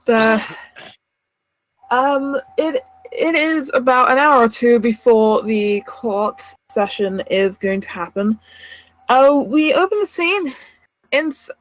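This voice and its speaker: A woman narrating a tabletop game as game master, pausing often with ums and uhs. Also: fairly high pitch, animated, low-quality recording. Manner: hesitant, full of ums and uhs.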